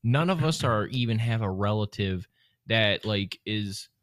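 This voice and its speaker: A man's voice: lowish voice, animated, unhurried, dry recording, studio quality. A young man hosting a podcast, swearing and joking in loose, casual banter. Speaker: podcast host. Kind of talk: casual chat.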